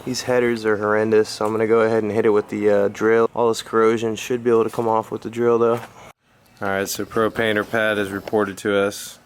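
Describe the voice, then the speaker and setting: Laid-back low-voiced guy vlogging. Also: level tone, fairly quick, a little hiss or hum. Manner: laid-back, slangy talk to the viewers. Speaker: motorcycle vlogger. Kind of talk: casual shop vlog narration. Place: home garage workshop.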